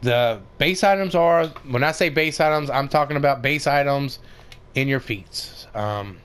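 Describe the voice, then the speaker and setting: A man's voice: mid-range voice, measured pace, a bit bright, clear, resonant tone. Rambling man narrating a game tutorial. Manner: rambling, many fillers and restarts. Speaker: gaming video creator. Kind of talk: casual game tutorial commentary.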